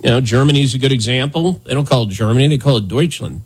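A man's voice: medium pitch, fast, husky. A man hosting a talk radio show, riffing in a sarcastic, rambling, mock-indignant way. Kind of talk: casual comedic talk radio banter.

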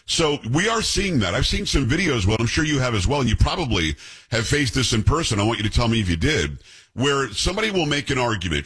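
A man's voice: mid-range voice, big pitch swings, brisk, fairly bright tone, slightly rough. A middle-aged man hosting an interview, asking emphatic questions and reacting to his guest. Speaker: show host. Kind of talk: conversational interview.

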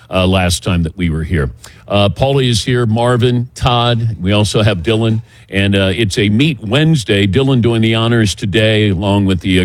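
Middle-aged sports radio host, dry and close. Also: male voice, on the low side, no echo. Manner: relaxed, chatty, reads ads and show rundown. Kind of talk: casual morning show talk. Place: outdoors by a golf driving range.

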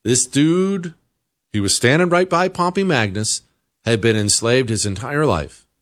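An American man holds forth in an opinionated talk-show monologue. His voice is mid-pitched and swings widely in pitch. He pushes his points with emphatic rhetorical questions. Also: animated, measured pace. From United States. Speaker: political talk show host.

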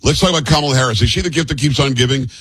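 Brisk husky-voiced talk radio host, a man. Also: medium pitch, a bit bright, no echo. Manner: brisk, emphatic, jokey. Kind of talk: radio talk show interview.

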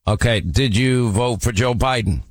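A man's voice: mid-range voice, moderate pace, dry recording. Brusque male radio host, dry studio sound. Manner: brusque, needling and mocking. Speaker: radio talk show host. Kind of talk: combative call-in radio talk.

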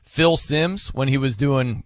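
A man's voice: mid-range voice, takes it slowly, no room sound. A man hosting a sports radio show in a studio, chatting casually, laughing and telling anecdotes. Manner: lively, laughing, tells anecdotes. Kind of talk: casual on-air banter.

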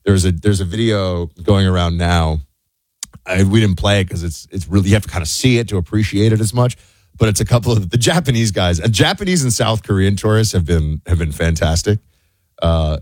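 A middle-aged man from the United States hosting a show, talking in a loose, animated way full of fillers and restarts. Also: low-pitched, no room sound. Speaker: show host. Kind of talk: casual commentary monologue.

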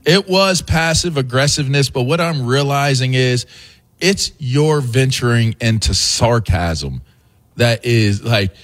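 A man's voice: medium pitch, animated, measured pace, a bit bright. A man co-hosting a sports radio show, teasing a colleague in casual banter and repeating himself as he talks.

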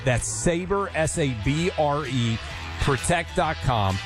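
A man's voice: fairly high pitch, animated, slow, over music. A man co-hosting a talk radio show, reading a sponsor ad live in an upbeat, salesy way. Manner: salesy, slightly breathless. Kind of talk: live-read radio advertisement.

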